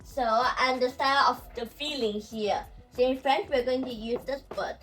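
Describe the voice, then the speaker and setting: A woman teaching language pronunciation, who talks slowly and says example words over and over. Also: high voice, a bit bright, distant mic, faint music behind, poor audio. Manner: slow and repetitive, saying example words over and over. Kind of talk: explaining pronunciation.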